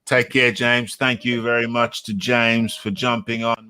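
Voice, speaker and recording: A man's voice: medium pitch, level tone, slow, few pauses, sharp tone, clean tone, no echo. A man hosting a live boxing talk show, rambling casually and repeating himself as he reads comments. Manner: rambling, self-correcting, repeats phrases. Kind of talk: casual live-stream chat.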